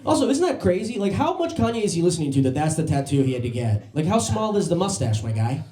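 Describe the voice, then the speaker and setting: Animated stand-up comic in a roomy club. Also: male voice, a little high, quick pace. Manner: animated storytelling with voiced impressions. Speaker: stand-up comedian. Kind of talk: stand-up comedy set. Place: comedy club stage.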